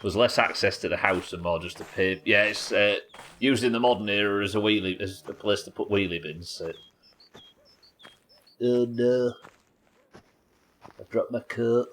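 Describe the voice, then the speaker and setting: Chatty streamer with a forceful voice. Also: male voice, lowish voice, steady tone, brisk, slight background noise. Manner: chatty, rambling, chats with viewers. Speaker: live streamer. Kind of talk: casual gaming commentary.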